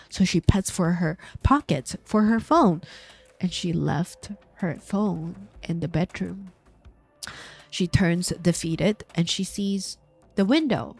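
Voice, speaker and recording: A woman casually retelling a thriller novel, slow and dramatic, with casual fillers. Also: on the low side, gravelly, darkish tone, husky, faint music behind. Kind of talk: casual storytelling recap of a novel.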